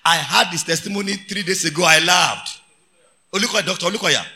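Nigerian male preacher, bright ringing tone, high pitch, shouts for emphasis. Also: a little fast. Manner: preaching with shouted emphasis and storytelling, Pidgin phrases. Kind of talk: sermon.

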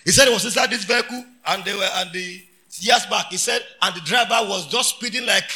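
A man with a Nigerian accent preaching a sermon, telling stories and shouting out his points. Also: high-pitched, a little fast. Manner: preaching with shouted emphasis and storytelling, Pidgin phrases.

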